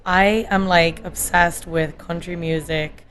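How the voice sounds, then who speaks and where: A woman's voice: lowish voice, fairly even intonation, slow, fairly bright tone. A woman with a Dublin Irish accent, a guest chatting animatedly in a casual interview, full of "like" fillers. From Ireland. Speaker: guest, whiskey brand ambassador. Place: bar by a window.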